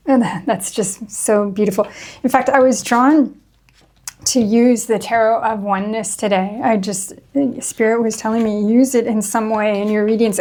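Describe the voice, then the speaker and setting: A woman hosting a spiritual tarot reading, speaking gently and earnestly, pausing often and reading card meanings aloud from a guidebook. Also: fairly high pitch. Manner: gentle, earnest and reflective, with many pauses and fillers. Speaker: tarot reader, channel host.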